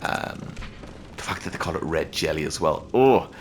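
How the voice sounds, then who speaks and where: A man with a low, deep voice talks through a game as he plays it, loose and rambling. He swears constantly and keeps the tone off-the-cuff, like a casual let's-play commentary. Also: level tone, normal speed, a bit bright, slight background noise. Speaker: gaming channel host.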